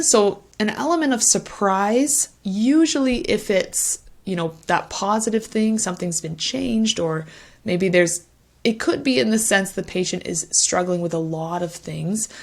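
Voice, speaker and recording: A woman's voice: medium pitch, lively intonation, a little slow. A young woman teaching test-speaking skills in an online lesson, demonstrating short listening phrases with varied intonation.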